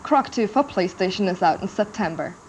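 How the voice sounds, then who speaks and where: A woman's voice: mid-range voice, expressive, a little fast, slight background noise. A woman presenting a video game TV show in a wry, teasing manner. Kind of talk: scripted presenting with jokes. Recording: dull TV audio.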